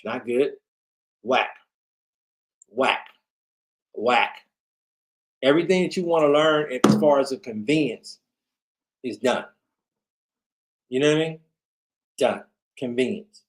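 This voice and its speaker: A tired man rants on a late-night livestream, circling back and repeating his points as he talks to his chat. His voice sits a little on the high side for a man. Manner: rambling, repetitive ranting, talks to chat. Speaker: livestream host.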